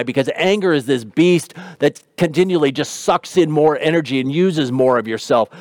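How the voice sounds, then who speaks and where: A man's voice: on the high side, no echo, clean studio sound. A man preaching a sermon in an earnest, conversational way. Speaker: pastor.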